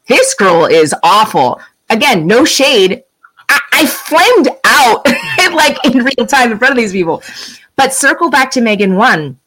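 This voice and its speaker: A middle-aged woman chatting casually as a podcast guest. She tells stories with energy and jumps into playful voices for the people she quotes. Her voice sits at a middle pitch. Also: rough recording. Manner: animated storyteller, acts out quoted lines. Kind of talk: casual chat.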